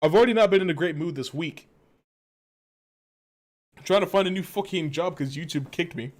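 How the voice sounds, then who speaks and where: A man's voice: a little high, a little fast. A man streaming a video game, ranting in an exasperated, profane way. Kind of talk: casual live-stream commentary.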